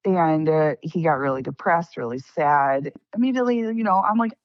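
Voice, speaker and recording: A woman's voice: sits low, brisk, few pauses, no echo, dull audio. A young woman telling a personal story casually, acting out the dialogue of others. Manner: lively, acts out quoted dialogue. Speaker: interviewee recounting being scammed.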